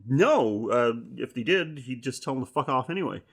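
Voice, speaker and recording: A man's voice: medium pitch, expressive, moderate pace, fairly bright tone, slightly rough. A man co-hosting a horror film podcast in casual chat, rambling, swearing and laughing often. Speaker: podcast co-host.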